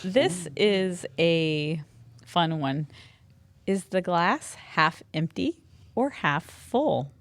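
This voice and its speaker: A woman's voice: fairly low pitch, lively intonation. A woman hosting a podcast casually and asking the questions at an easy pace. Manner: unhurried, asks the questions. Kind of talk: casual chat.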